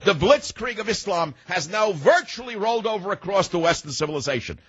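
Husky, ranting talk radio man. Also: high voice, sing-song, brisk, dry recording, highs cut off. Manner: sarcastic, ranting, heated.

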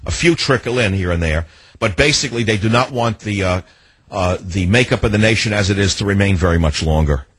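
An older man hosting a call-in radio talk show, combative and ranting, now and then rising to shouts. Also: lowish voice, a little fast, husky, no echo, poor audio.

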